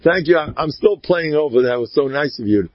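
A man's voice: a little fast, dry recording, dull audio. A man giving a folksy religious storytelling talk, mixing in Yiddish and Hebrew words and acting out the people in his stories. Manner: animated, acts out voices with big pitch jumps.

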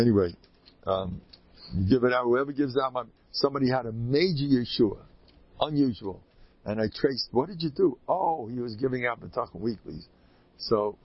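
A man, a rabbi, teaching a lively religious class, telling anecdotes with bursts of loud emphasis. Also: medium pitch, lo-fi sound.

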